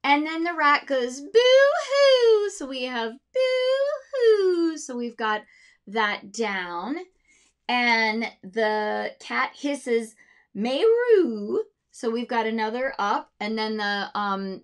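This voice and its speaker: A woman's voice: a little high, fairly bright tone. A woman music teacher explaining how to teach music with storybooks, demonstrating sounds and voices for her students.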